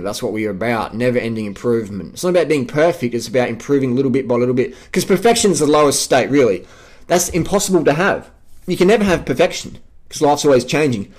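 A man's voice: mid-range voice, a little mellow. An Australian man vlogging an unscripted rant, emphatic and profane, hammering his points by repeating phrases. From South Australia.

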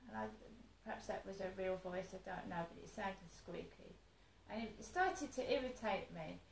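Gravelly woman venting in an echoey space. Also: mid-range voice, moderate pace, a little hiss or hum. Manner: upset, venting, meandering with restarts. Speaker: vlogger. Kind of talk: rambling personal monologue.

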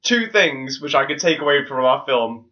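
A man's voice: mid-range voice, animated, normal speed, pushed and bright. A man co-hosting a casual film podcast, opinionated, swearing and laughing often. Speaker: podcast co-host. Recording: dull lo-fi podcast audio.

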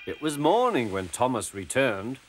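A man narrating a children's storybook, expressive and lively. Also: medium pitch, normal speed. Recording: music bed under voice.

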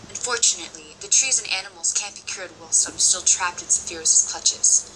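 A woman's voice: lowish voice, brisk, pushed and bright. A solemn trapped guardian spirit, voiced by a woman. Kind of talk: amateur voice acting. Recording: noisy home recording.

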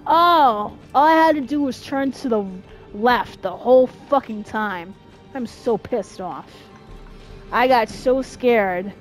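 A young woman giving profane, jumpy let's-play commentary, yelling and cursing when scared. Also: fairly high pitch, slow pace. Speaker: gaming streamer. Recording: faint game music behind.

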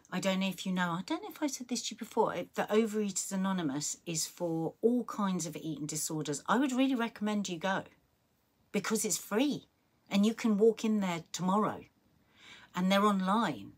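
Middle-aged woman host, low and husky, earnest and encouraging, reads messages then advises. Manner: earnest, encouraging, many restarts and quiet asides. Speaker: podcast host reading viewer messages. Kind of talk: heartfelt live-stream chat.

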